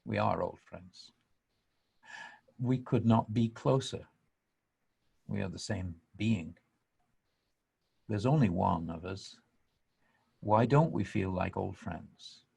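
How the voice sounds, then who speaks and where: An English man telling a spiritual story as host of a podcast, earnest and emphatic. His voice is strongly gravelly and has a husky edge. He moves between hushed and animated delivery. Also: low-pitched, slow, pauses often. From England.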